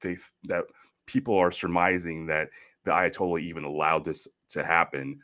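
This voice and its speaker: A man's voice: sits low, steady tone, moderate pace, bright, forceful tone. A man co-hosting a podcast in casual chat, explaining the news in an easygoing way and laughing easily. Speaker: podcast co-host.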